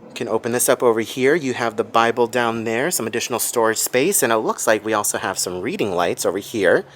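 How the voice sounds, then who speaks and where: A man's voice: mid-range voice, brisk, a little hiss or hum. A man vlogging a hotel tour, gushing and exclaiming as he shows the rooftop and then a room to viewers. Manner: excitable, gushing, addresses viewers as guys. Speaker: theme park vlogger.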